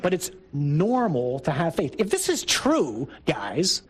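A man's voice: fairly high pitch, wildly swooping pitch, takes it slowly, poor audio. A middle-aged man, a priest, giving a conversational, emphatic talk to a group of men. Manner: conversational and emphatic, with rising bursts. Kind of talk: sermon talk to a men's group.

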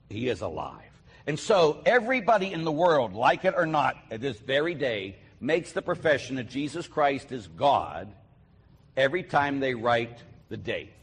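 A man preaching a sermon emphatically, swinging between loud declarations and quiet asides, with a husky voice. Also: mid-range voice. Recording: long hall reverb.

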